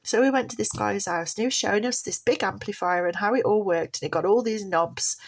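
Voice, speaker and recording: Woman, middle-aged, casual storytelling, heartfelt, rambling, repeats herself, medium pitch. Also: brisk. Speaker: mother sharing a family story.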